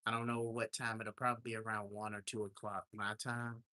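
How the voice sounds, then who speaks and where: A man's voice: lowish voice, flat delivery, fairly quick, bright, forceful tone, no room sound. A man hosting a casual livestream, telling a story in an indignant, ranting way. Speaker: livestream host. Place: home in Alaska.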